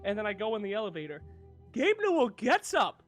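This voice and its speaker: A young man casually telling a funny anecdote, animated and excitable, swearing freely. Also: high-pitched, a little fast, soft background music. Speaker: video creator.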